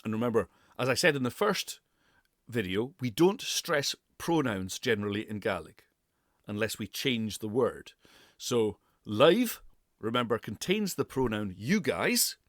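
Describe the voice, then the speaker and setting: A man giving a pronunciation lesson as a speech coach, deliberately repeating and exaggerating sounds for the listener. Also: on the low side, a bit bright, no echo, clean studio sound.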